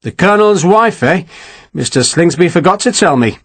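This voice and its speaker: A man's voice: sits high, expressive, moderate pace, voice pushed up. A man voicing a battle-hardened army captain who talks in a dry, clipped, matter-of-fact way in an audiobook.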